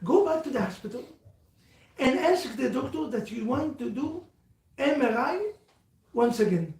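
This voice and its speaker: Man, high voice, livestream sermon, preachy and repetitive, echoey room, mic set back. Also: a little slow, recorded from a distance. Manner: animated, preachy, repetitive, calls out to listeners. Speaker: religious speaker.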